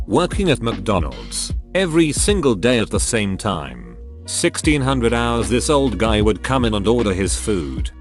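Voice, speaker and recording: Low-voiced synthetic male narrator. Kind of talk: scripted narration reading online posts.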